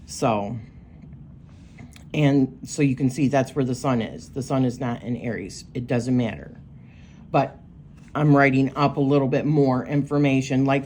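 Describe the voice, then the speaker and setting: A woman's voice: sits low, darkish tone, slight background noise. A woman giving a casual, rambling walkthrough of her astrology journal pages, thinking aloud with lots of fillers. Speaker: tarot and astrology creator.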